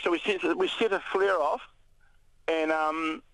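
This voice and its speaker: A New Zealand man, a radio interview guest, recounting an ordeal in a halting way with many restarts. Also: sits high, dry recording, poor audio. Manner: halting, many restarts, animated when retelling shouts.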